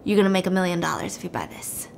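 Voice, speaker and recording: A woman's voice: fairly low pitch, lively intonation, very fast, gravelly, a little hiss or hum, voice pushed down. A woman voicing a pushy old lady nuisance who coaxes buyers in a salesy way. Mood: coaxing.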